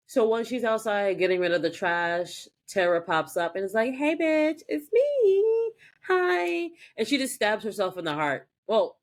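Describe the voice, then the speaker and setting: Podcast co-host, woman, lower voice, casual animated recap delivery. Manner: animated, acts out characters' lines in quick voices. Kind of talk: casual chat recapping a TV episode.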